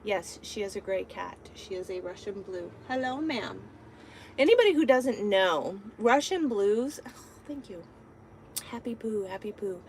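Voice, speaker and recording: A woman's voice: medium pitch, expressive, normal speed, a little mellow, a little hiss or hum, rough recording. A woman truck driver chatting casually on a live stream from inside her truck cab, talking to her viewers and her cat.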